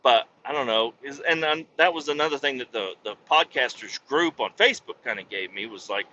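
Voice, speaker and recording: This man speaks fairly quickly in a mid-range voice that is animated, bright and forceful, over slight background noise. Alone on his home podcast in Missouri, he rambles profanely through a casual monologue and keeps interrupting himself mid-sentence. The audio is dull and lo-fi.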